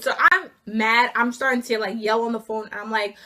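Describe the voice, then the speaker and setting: Teen girl, 17, casual storytime vlog, exasperated ranting, high bright voice. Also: steady tone, normal speed, few pauses. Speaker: student vlogger.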